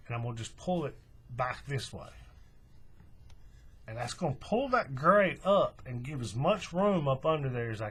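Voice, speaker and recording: A man explaining a craft step by step in a relaxed, folksy way. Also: medium pitch, husky. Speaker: craft tutorial host. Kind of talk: hands-on tutorial walkthrough.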